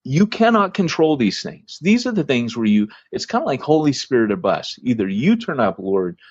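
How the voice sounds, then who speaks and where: A man's voice: mid-range voice, sing-song, normal speed, breathy edge, no room sound, dull audio. A man hosting a church planting podcast, telling a long story casually, with lots of fillers and restarts.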